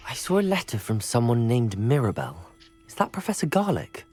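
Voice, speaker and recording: A breathy, polite student hero. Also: male voice, medium pitch, wildly swooping pitch, a little fast, a little mellow, faint music behind. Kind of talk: video game dialogue.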